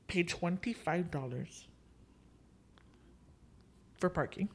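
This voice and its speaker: Speaking slowly with a breathy edge, this young podcast host has a lowish voice. She chats casually through a story, playfully voicing the quoted dialogue and dropping in Spanish fillers.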